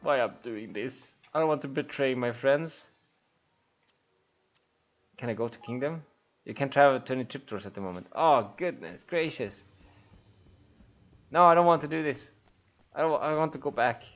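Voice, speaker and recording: With long pauses at a moderate pace, a Swedish-accented let's play streamer voices every bit of the on-screen action for blind viewers, sighing with emotion. His pitch is medium, and the recording has its highs cut off.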